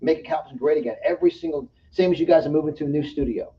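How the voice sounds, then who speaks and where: A man speaking as a guest, preaching motivation in an emphatic way and swinging between loud bursts and soft asides. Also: a little high, very fast, a little hiss or hum. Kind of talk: fired-up motivational interview talk. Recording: dull, distant sound with faint room ambience.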